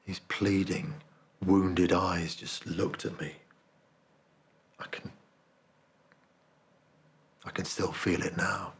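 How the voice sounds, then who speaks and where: A man performing a dramatic monologue as a remorseful man confessing a cowardly betrayal, speaking in a hushed, confessional way. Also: low voice, little pitch movement, slow pace, long pauses. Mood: haunted, confessional.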